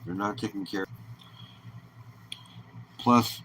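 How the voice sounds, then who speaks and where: A man's voice: on the low side, slow, pushed and bright, a little hiss or hum, poor audio. A man hosting a live stream, chatting casually and easygoing with viewers and greeting them by name.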